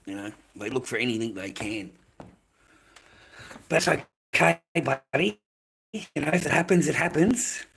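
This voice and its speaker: Gravelly, husky Australian man ranting. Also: medium pitch, a little slow, pauses often, fairly bright tone. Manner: profane, aggressive, combative. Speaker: live streamer. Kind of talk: heated live-stream rant at chat.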